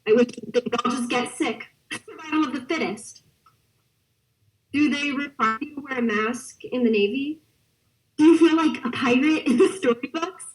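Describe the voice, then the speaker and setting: A woman's voice: sits high, moderate pace, lightly acted. A woman playing a bitter young woman scorning careless people. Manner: scornful, indignant letter-reading. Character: bitter young woman during 1918 flu. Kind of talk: theatre monologue over video call. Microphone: video call. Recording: distant from the mic.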